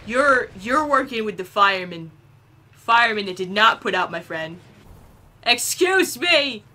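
A woman giving silly, animated let's-play commentary, chatting to the game characters as she plays. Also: mid-range voice, a little slow, slight background noise. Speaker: gameplay commentator.

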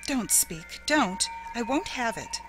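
A woman's voice: fairly high pitch, big pitch swings, slow, music in the background, pitched above the performer's own voice. A woman reading aloud and voicing a stern, defiant grieving woman with a hard, clipped voice in an audiobook. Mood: fierce whisper.

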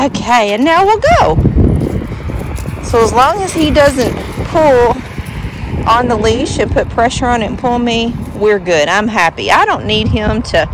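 A chatty woman with a somewhat high voice talks while she walks her dogs down a neighborhood street. Steady outdoor noise runs behind her on the handheld recording. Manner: chatty, praises dogs in a sing-song voice. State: a bit out of breath after sprinting. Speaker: vlogger walking her dogs. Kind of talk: casual chat while walking.

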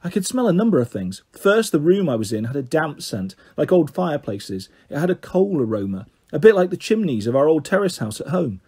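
A man reading a children's story aloud in a lively, expressive way. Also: a little high, a little fast, hardly any pauses, husky.

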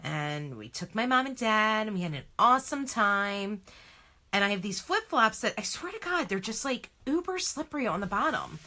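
A woman's voice: mid-range voice, big pitch swings, moderate pace, pushed and bright. A woman chatting through a home craft demo, chatty and self-deprecating, often exclaiming. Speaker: craft vlogger.

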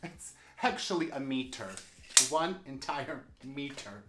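A chatty vlogger at a mid pitch rambles on while doing plant chores, often talking to themselves. The talk is loose and casual. The room is bare and echoey. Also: expressive, a little slow, very noisy. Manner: chatty, rambling, talks to self. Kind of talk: casual vlog chat. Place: indoors among plant tents.

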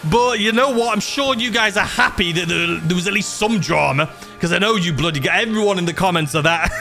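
A man's voice: sits high, pushed and bright. A young man commenting on his own gameplay, talking to himself anxiously and exclaiming often. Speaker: gaming YouTuber.

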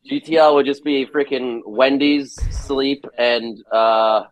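A man's voice: medium pitch, slow, no echo, lo-fi sound. A man from New Jersey, a guest musician in casual chat, telling stories and acting out the dialogue. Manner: animated storyteller acting out quoted dialogue.

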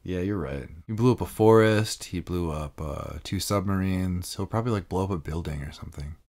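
A man's voice: low-pitched, brisk, darkish tone. A man co-hosting a podcast, chatting casually about fighting games with frequent laughs and loose filler words. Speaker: podcast co-host.

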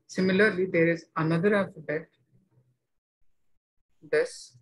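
Male teacher, fairly high voice, very slow step-by-step explaining, maths lecture. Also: steady tone, breathy edge, rough recording.

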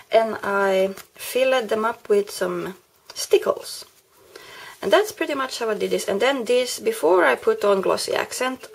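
A woman showing a handmade card she made, unhurried, often pausing to search for the right word. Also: medium pitch, gravelly, husky. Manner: unhurried, pauses to search for words. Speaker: craft vlogger. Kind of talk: card-making tutorial vlog.

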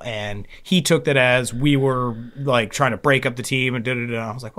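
A man's voice: mid-range voice, normal speed, hardly any pauses, a bit bright. A man on a recovery podcast, telling a long story in casual chat, rambling and swearing often, with many fillers and restarts.

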